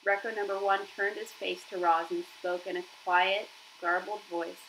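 A woman's voice: medium pitch, level tone, moderate pace, hardly any pauses, fairly bright tone, a little hiss or hum, rough recording. A woman reading a children's novel aloud as narrator, telling the story expressively.

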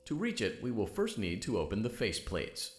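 An actor playing a calm, polite male guide giving step-by-step instructions over an intercom in a game. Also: on the low side, a little fast, reverberant. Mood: instructive.

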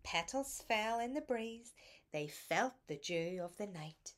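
A woman reading a children's bedtime picture book aloud in a soft, soothing, lilting way. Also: mid-range voice, animated, takes it slowly, background noise. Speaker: storybook reader.

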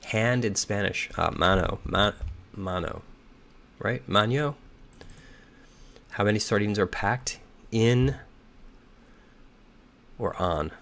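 A slightly hoarse man thinking aloud as he solves a crossword, reading clues and muttering and second-guessing his answers. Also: on the low side, slow pace, pauses often, fairly bright tone. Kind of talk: thinking aloud while solving.

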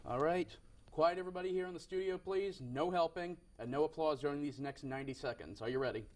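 A man's voice: on the high side, quick pace. A young man hosting a game show in a TV studio, with upbeat patter and frequent self-corrections.

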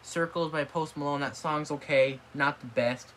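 In a fairly even, a little high voice with a fairly bright tone, a male vlogger rants at a moderate pace. It's blunt, dismissive video commentary full of swearing as he gets worked up, captured by a tablet mic in an apartment room with a bit of hiss or hum.

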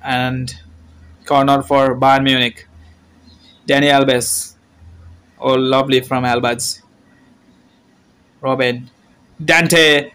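A man's voice: mid-range voice, level tone, drawn-out words, long pauses, clean tone. A man giving play-by-play football commentary, calling out player names in short bursts and raising his voice at goals. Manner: terse name-calling play-by-play, shouts at goals.

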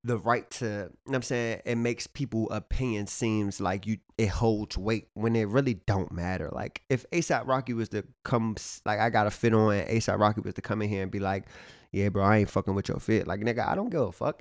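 A man's voice: fairly low pitch, no echo, studio quality. A man talking casually to camera as a fashion vlogger, in loose, profane slang with lots of "you know what I'm saying.". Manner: laid-back, profane slang-heavy street talk.

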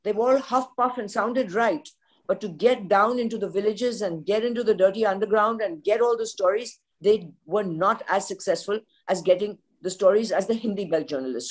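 A woman's voice: mid-range voice, normal speed. An older woman with an Indian English accent, a veteran news journalist speaking frankly on a podcast panel. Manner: forthright, opinionated storyteller.

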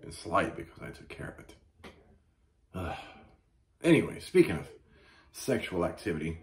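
Low-voiced guy doing a crude mock-outraged rant, echoey room. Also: normal speed. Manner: profane, mock-outraged, animated storytelling. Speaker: comedy podcast host.

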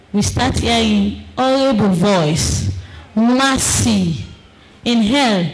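Slow, dramatic woman testifying. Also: mid-range voice, low-quality recording. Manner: dramatic, emphatic, repeats phrases, bursts into shouting; non-standard English grammar. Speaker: preacher giving testimony. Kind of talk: emotional religious testimony.

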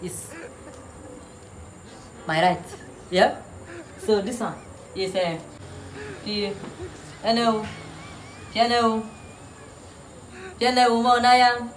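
A woman's voice: medium pitch, extremely slow, pauses often. A woman doing a comic teacher act, bossy in a mock way and teasing, repeating words with laughter. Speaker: comedian playing a teacher. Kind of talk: comic classroom sketch. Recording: noisy background.

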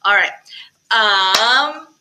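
A woman directs a choir rehearsal on her own for virtual practice, speaking with an animated, medium-pitched voice at an extremely slow pace over a noisy background. She coaches diction and breathing, singing brief phrases to demonstrate between spoken advice.

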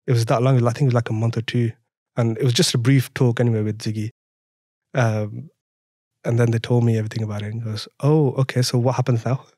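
A man's voice: mid-range voice, flat delivery, fast, mellow, no room sound, clean studio sound. Laughing man with French accent. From France. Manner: laughs often, re-enacts dialogue animatedly. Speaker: podcast guest. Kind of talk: casual storytelling interview.

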